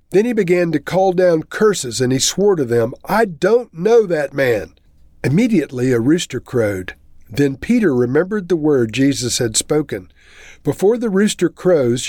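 A man's voice: mid-range voice, a little mellow, no echo, studio quality. A man reading a Bible chapter aloud and then explaining it in a plain teaching manner.

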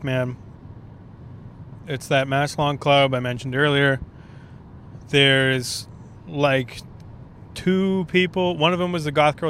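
A man's voice: medium pitch, bright, forceful tone, slight background noise. A man who is a stand-up comedian talking casually and profanely in a rambling solo podcast monologue, recorded on the road. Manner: rambling, profane, laid-back.

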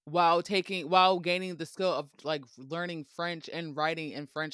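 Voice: mid-range voice, steady tone, normal speed, few pauses, fairly bright tone, clear, resonant tone, no echo, studio quality. A podcast host telling history in a casual, playful way, with joking asides and frequent laughter.

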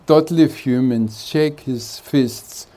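A man speaking as a spiritual teacher at a retreat, giving an unhurried satsang talk with jokes and chuckling between his thoughts. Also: mid-range voice, warm tone. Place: retreat hall.

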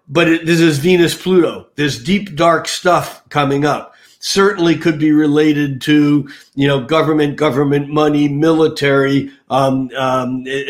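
An older man with a fairly high voice discusses the month ahead on a podcast. He rambles, restarts his sentences and fills the pauses with ums. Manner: rambling, many fillers and restarts. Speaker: astrologer guest.

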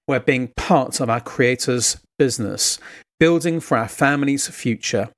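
A man preaching a sermon, telling a family story in a conversational, earnest way. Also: mid-range voice. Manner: earnest, exhortative.

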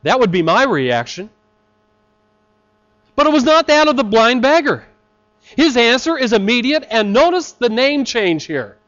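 A man preaching a sermon, slow and deliberate, with dramatic pauses. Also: very high voice, sing-song, fairly bright tone. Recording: slightly dull lo-fi recording.

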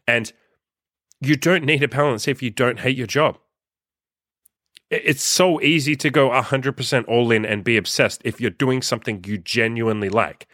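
A man's voice: medium pitch, normal speed, fairly bright tone, dry recording, clean studio sound. A young man hosting his own podcast, ranting bluntly and profanely as he scolds listeners. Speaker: podcast host and coach. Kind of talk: ranting solo podcast monologue.

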